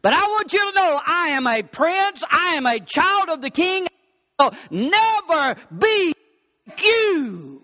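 A man voicing a proud, defiant young prince inside a sermon story, rising to a shout. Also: very high-pitched, very animated, slow pace, pitched above the performer's own voice, full character voice.

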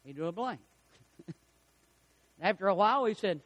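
A pastor preaches a sermon full of stories, acting out the lines of the people in them and chuckling at his own jokes. His voice is high and animated, fairly quick, with frequent pauses.

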